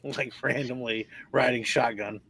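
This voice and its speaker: A man's voice: mid-range voice, steady tone, a little slow, creaky, fairly bright tone, slightly rough. A man telling laid-back stories in a casual chat with friends. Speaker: panelist.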